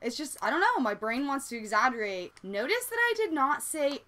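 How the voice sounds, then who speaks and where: A chatty young woman with a Southern Californian accent, her voice sitting a touch high. She rambles casually from point to point, peppering her talk with "like" and the odd swear word, as she confesses things in a relaxed vlog. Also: a little fast. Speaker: vlogger.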